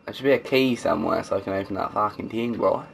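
A man's voice: on the low side, fast, gravelly, a little hiss or hum. A man casually commenting as he plays a game, swearing and joking to himself. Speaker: gamer. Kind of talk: let's play commentary.

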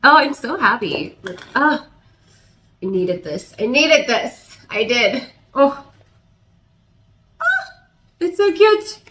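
A woman's voice: mid-range voice, slight background noise, poor audio. Chatty young woman unboxing plants. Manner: chatty, excited, hesitant, with many restarts and laughs. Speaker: plant channel host. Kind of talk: casual unboxing chat.

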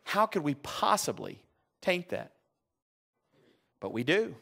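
High-voiced, slow-preaching pastor. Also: male voice, big pitch swings, creaky. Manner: emphatic preaching with sudden drops to a hushed voice. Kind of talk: sermon. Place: church.

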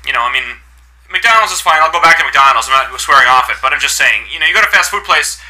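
Bright-voiced man ranting casually. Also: fairly high pitch, expressive, quick pace. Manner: irritated, sarcastic, swears often. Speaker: vlogger telling a story. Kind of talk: casual storytelling rant.

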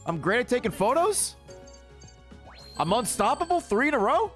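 An American man giving casual, excitable gameplay commentary, joking and talking to the creatures on screen. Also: very high-pitched, normal speed, soft background music. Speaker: gaming video creator.

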